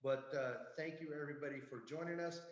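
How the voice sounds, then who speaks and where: Man hosting a lively video-call town hall. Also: fairly high pitch, quick pace, dull audio. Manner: playful, hammy leprechaun bits. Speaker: host. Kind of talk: casual video-call chat.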